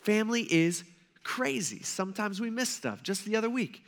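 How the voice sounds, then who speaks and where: A man's voice: high-pitched, big pitch swings, moderate pace. A man in his thirties preaching a sermon in a humorous, conversational way, acting out little scenes. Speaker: pastor.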